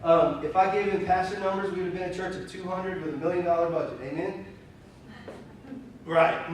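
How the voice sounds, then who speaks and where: Candid young pastor in an echoey church. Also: male voice, high voice, quick pace. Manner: candid, animated, self-deprecating, full of fillers. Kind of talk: conversational sermon storytelling. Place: church sanctuary. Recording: very echoey room, voice from far off, faint hiss.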